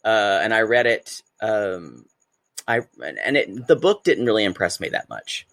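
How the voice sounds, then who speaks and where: A man's voice: fairly low pitch, very animated, a little slow, creaky, fairly bright tone. A man co-hosting a podcast from home, giggly and rambling with plenty of fillers. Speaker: podcast co-host. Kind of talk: casual chat.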